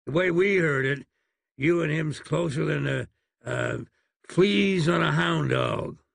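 A man's voice: on the high side, takes it slowly, gravelly, no echo, pitched above the performer's own voice, exaggerated voice. A man doing a boastful dim cowboy.

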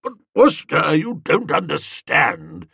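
A man's voice: a little high, huge pitch swings, takes it slowly, gravelly, sharp tone, husky, no echo, clean studio sound, exaggerated voice. A man voicing a large blustering bully who sulks and pleads in protest. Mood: aggrieved.

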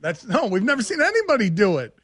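A male radio host interviewing a guest in a relaxed, conversational way. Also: sits high, fast talker, no echo. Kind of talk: casual interview.

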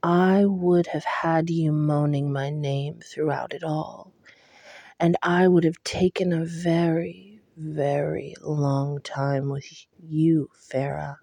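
A woman voicing a wild male fae lord in a low, slow, breathy growl. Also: fairly even intonation, warm tone, no echo, full character voice. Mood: seductive.

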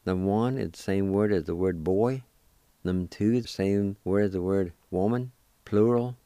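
A man's voice: sits low, normal speed, mellow, clear, resonant tone, dry recording. A man hosting a radio language lesson, patiently spelling words letter by letter and repeating each pronunciation for learners. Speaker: radio language teacher and host.

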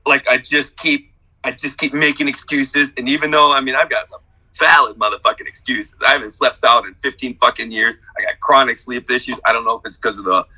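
A middle-aged man on a group video call, swearing freely and moving from quiet confession to shouted hype-man enthusiasm. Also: fairly even intonation, a little fast, low-quality recording. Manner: profane, exuberant, hype-man energy swinging from low confession to shouting. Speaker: workshop participant.

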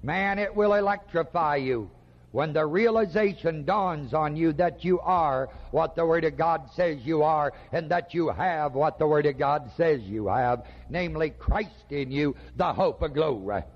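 A man preaching a sermon slowly and emphatically, with dramatic pauses. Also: fairly high pitch. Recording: dull lo-fi recording with long hall reverb.

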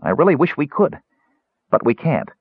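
A man's voice: fairly high pitch, sing-song, normal speed, husky, no echo, phone-quality sound, voice pushed up, heavily acted. A man doing Tasselhoff, a jittery little kender. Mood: apologetic. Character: small cheerful kender man, nervous.

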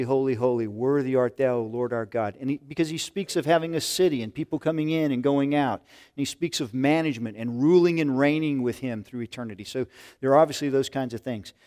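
An older man delivers a sermon in an earnest, conversational manner. His voice sits at an ordinary middle pitch, and he often circles back and restarts a phrase as he teaches. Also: a little mellow. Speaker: pastor.

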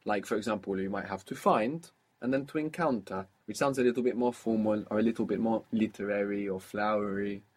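Guy teaching a language, husky voice, patient, keeps asking how you'd say it. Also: on the low side, fairly even intonation, brisk, a little mellow. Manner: patient, prompting and explaining. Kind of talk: spoken language lesson.

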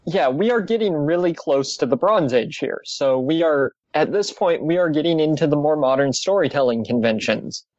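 A man's voice: a little high, normal speed, hardly any pauses, dry recording, highs cut off. A man casually recapping an old comic book story on a podcast, with dry asides. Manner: steady summarizing, dry asides. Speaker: podcast host.

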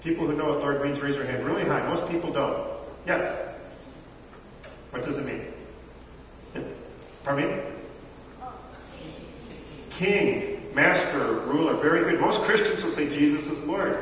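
A man's voice: a little high, measured pace, long pauses, fairly bright tone, slight background noise. Middle-aged male preacher, chatty sermon, asks the crowd questions, distant mic in a reverberant hall. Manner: conversational preaching, quizzes the congregation. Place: church hall. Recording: echoey hall from far off.

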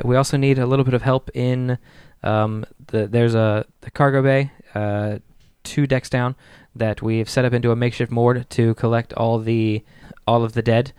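Man voicing a calm Vulcan doctor for a tabletop game, formal and measured, smooth dry voice. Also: medium pitch, dry recording, close to an everyday voice.

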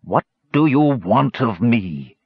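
A man's voice: mid-range voice, animated, husky, no echo, phone-quality sound, full character voice. A man voicing a hissing, thundering disembodied spirit. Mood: ominous. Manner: slow, ominous and commanding.

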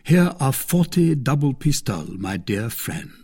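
A man's voice: medium pitch, big pitch swings, a little slow, warm tone, breathy edge, voice pushed up, exaggerated voice. A man voicing a daring, eager young swordsman who speaks decisively. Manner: decisive, spirited.

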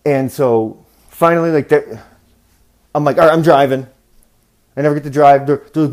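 A man hosting a podcast, casually telling a travel story, swearing freely and bursting into loud rants. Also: mid-range voice, brisk, long pauses. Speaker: podcast host.

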